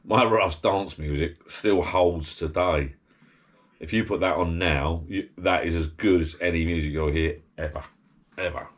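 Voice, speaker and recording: A deep-voiced man chats loosely in his backyard garden bar shed. He rambles and drifts from one tangent to the next in a relaxed, everyday way. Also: moderate pace. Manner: rambling, digressive, chatty. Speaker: vlogger. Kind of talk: casual rambling chat.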